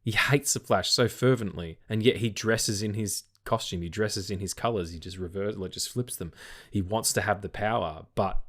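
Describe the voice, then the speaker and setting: A man's voice: fairly low pitch, normal speed, fairly bright tone. A tired man with an Australian accent, co-hosting a casual film podcast, rambling and swearing offhandedly. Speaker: podcast co-host.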